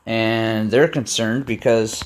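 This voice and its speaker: A man's voice: fairly low pitch, steady tone, slow, slight background noise. A young adult man chatting casually on a live game stream, rambling and talking back to his cat.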